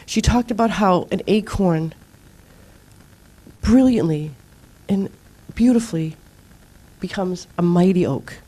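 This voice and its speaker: A woman's voice: on the low side, slow pace, long pauses. Earnest middle-aged woman giving a spiritual talk. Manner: earnest, animated storytelling with acted-out outbursts. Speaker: spiritual teacher leading a group. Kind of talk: informal spiritual talk to a group.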